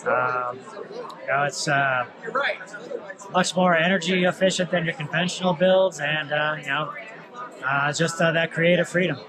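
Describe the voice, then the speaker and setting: Brief: man with a slightly high voice, halting answers, crowd noise behind. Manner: hesitant, many fillers. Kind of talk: casual interview.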